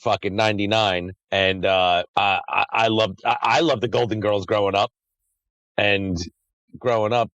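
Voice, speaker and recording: A man's voice: fairly low pitch, steady tone, moderate pace, a bit bright, no echo, dull audio. A man hosting a podcast in a casual chat, rambling and swearing freely. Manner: crude, profane, rambling. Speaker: podcast host.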